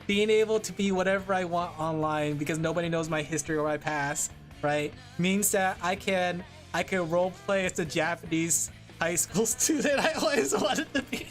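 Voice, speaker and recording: A woman's voice: fairly low pitch, lively intonation, moderate pace, soft background music. Giggly rambling streamer woman. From California. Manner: rambling, giggly, laughs often. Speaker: VTuber streamer. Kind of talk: casual livestream chat while drawing.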